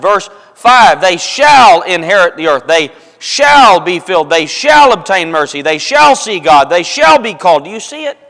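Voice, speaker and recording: A man's voice: high-pitched, fairly bright tone. A man preaching a sermon to his congregation, emphatic and repetitive, calling them folks and brethren. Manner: emphatic, repeats phrases for stress, addresses congregation as folks. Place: church auditorium. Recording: long reverb of a church hall.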